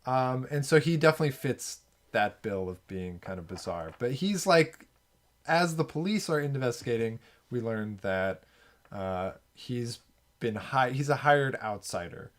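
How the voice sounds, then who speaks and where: A man's voice: mid-range voice, lively intonation, normal speed. Rambling male film podcast host. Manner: rambling, many fillers and restarts. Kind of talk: casual film discussion.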